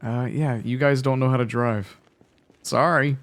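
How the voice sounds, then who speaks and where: A man's voice: medium pitch, fairly even intonation, measured pace. Chatty young man rambling over gameplay. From United States. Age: 20s. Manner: rambling, chatty, self-mocking. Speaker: gaming YouTuber. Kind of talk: casual let's-play commentary.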